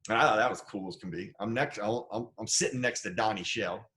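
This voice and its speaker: Fairly low-pitched and sharp, this man's voice moves a little fast. He's a middle-aged ex-football player from Idaho, USA, appearing as a guest on an interview show and recounting his playing days. His manner is casual and lively, and he imitates the people he quotes.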